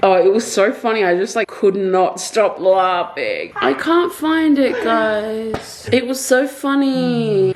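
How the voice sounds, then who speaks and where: A woman chatting casually in a home vlog, talking to her viewers in an excitable, giggly way. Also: medium pitch. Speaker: vlogger.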